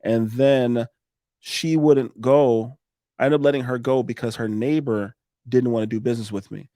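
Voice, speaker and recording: A roofing business owner telling a blunt, animated story as a podcast guest and acting out what people said. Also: male voice, medium pitch, normal speed, no echo, studio quality. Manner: animated, acts out quotes, blunt with swearing. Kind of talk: casual storytelling.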